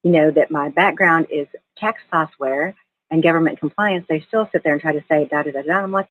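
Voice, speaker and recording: A woman with a Southern US accent calls in to a live audio chat and speaks quickly and indignantly. Her voice is fairly low for a woman and husky, and she talks very fast. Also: narrow, tinny audio. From Southern California. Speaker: caller.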